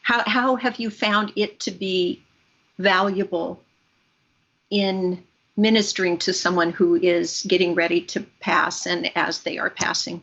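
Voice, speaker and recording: A woman interviewing a guest, asking slow, affirming questions. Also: on the low side, fairly even intonation, a bit bright, breathy edge. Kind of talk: interview conversation. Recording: dull lo-fi recording.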